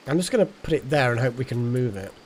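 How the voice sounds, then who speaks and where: A man's voice: mid-range voice, lively intonation, quick pace, darkish tone, slight background noise. A man streaming a game live, chatting casually and thinking aloud as he plays. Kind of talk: casual live gameplay commentary.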